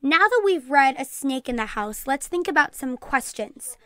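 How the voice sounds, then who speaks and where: Brief: woman teacher, read-aloud lesson, careful classroom delivery, high voice. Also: animated, a bit bright, no echo, studio quality. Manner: clear, deliberate classroom reading.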